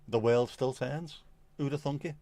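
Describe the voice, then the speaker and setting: A middle-aged man hosts a relaxed livestream chat in a dry, close-miked sound. His voice sits at a middle pitch. He laughs and swears freely while he rambles along. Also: normal speed, no echo. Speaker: livestream host. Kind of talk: casual chat reading viewer comments.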